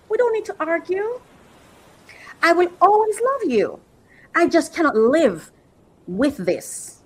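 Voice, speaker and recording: A woman speaking from the heart on a talk podcast, earnest and reflective, with slow, emphatic stretches and moments where she is moved to emotion. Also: fairly high pitch, slightly rough, low-quality recording. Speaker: podcast host. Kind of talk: heartfelt personal monologue.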